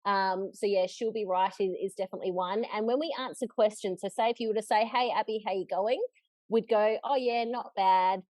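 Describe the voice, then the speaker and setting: Australian woman, 30s, podcast guest, mid-pitched, dry close recording, easygoing chat. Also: brisk, darkish tone, no echo. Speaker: guest journalist.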